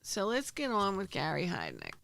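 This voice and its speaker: A woman telling a story in a loose, rambling way, often stopping and starting over. Her voice has a gravelly edge at mid pitch. The sound is dry and close, with no room around it. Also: moderate pace, no echo. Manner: animated, rambling, with many restarts. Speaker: true crime podcast host. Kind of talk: casual storytelling.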